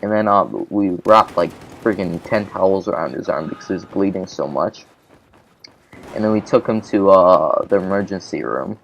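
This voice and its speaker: A man with a low, gravelly voice at normal speed tells a rambling childhood story while playing a game on his gaming channel. He swears a lot and uses plenty of fillers. A little hiss or hum sits in the audio.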